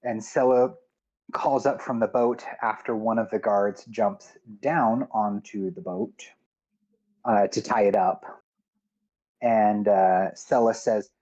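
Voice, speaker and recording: Male game master, unhurried halting narration, dull lo-fi sound. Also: fairly low pitch, steady tone, darkish tone.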